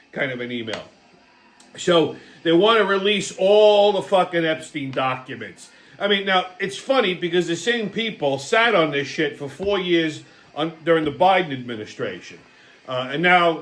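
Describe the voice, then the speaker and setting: Male host, ranting and profane, stumbles and repeats, higher voice. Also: a bit bright. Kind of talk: political rant, casual commentary.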